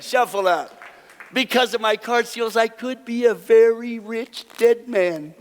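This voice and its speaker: A man's voice: very high-pitched, a little slow. A man performing card magic on a theater stage, telling folksy anecdotes and chuckling at his own punchlines. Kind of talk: live stage storytelling with card tricks. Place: theater stage before an audience. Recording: long hall reverb from a stage.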